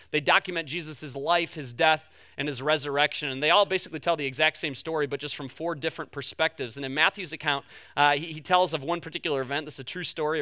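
A man preaching a sermon as pastor, stumbling over repeated words, rushing through asides and slowing down to drive points home. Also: on the high side, sharp tone, dry recording, studio quality. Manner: repeats words in quick restarts; swings between fast asides and slow emphatic lines.

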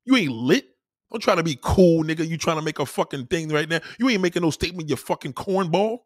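A man's voice: on the high side, lively intonation, fast, no echo, clean studio sound. Profane ranting male livestreamer. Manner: loud, insulting, mocking, repeats questions. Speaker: livestreamer reading chat comments. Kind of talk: angry profane live rant.

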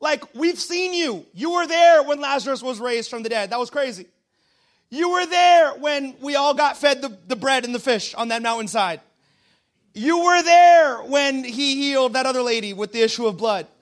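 A man's voice: very high voice, moderate pace, a bit bright. A man voicing an insistent woman who presses Peter with accusations during a sermon story. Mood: accusing.

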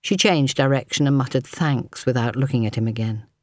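A woman narrating a novel as an audiobook in a measured, even storytelling manner. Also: very deep voice, dry recording, clean studio sound.

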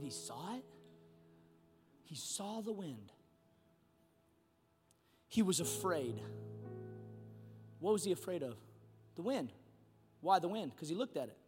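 A middle-aged man, a pastor preaching a sermon in an animated way, moving from quiet storytelling to shouting. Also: sits high, big-room sound.

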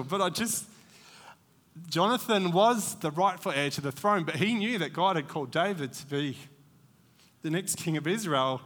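Male preacher, bright and fairly high voice, chatty and rambling delivery, echoey church hall. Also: lively intonation, normal speed. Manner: conversational, digressive, many fillers. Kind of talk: church sermon.

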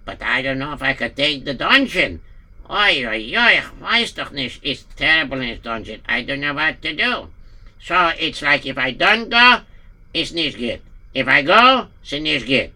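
Man as a high-ish, gravelly Yiddish-accented innkeeper, anxious and stammering, amateur radio play. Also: sing-song, moderate pace, sharp tone, exaggerated voice. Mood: fretful. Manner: anxious, frets aloud with many stammered fillers. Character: worried male village innkeeper, nervous and fretful.

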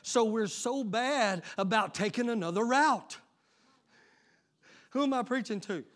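A middle-aged man preaches to his congregation in a high, bright, ringing voice. He moves between quiet, confiding asides and shouted call-and-response, pushing the room for amens. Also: a little slow. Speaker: pastor. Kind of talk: sermon. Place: church sanctuary.

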